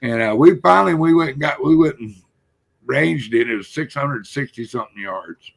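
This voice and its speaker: A man's voice: mid-range voice, animated, moderate pace, creaky. An older man from South Texas with a South Texas accent, telling folksy hunting stories in casual chat as a live-stream host.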